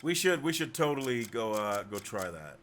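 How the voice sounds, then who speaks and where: A man livestreaming a game, chatty and excitable, talking to his chat as he plays. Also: mid-range voice, moderate pace. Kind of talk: live game commentary.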